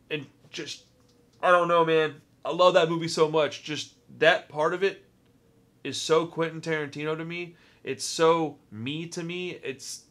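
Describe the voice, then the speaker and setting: With a slightly high, bright voice, a Texan man runs a casual vlog ranking movies as a movie review vlogger. He talks with rambling enthusiasm and frequently repeats his words.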